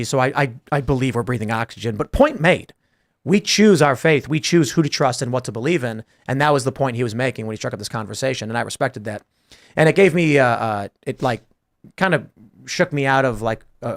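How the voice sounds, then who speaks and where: A man hosting a casual panel talk show, telling a story and acting out both sides of a conversation. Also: mid-range voice. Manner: thinking aloud through abstract ideas. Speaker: podcast host.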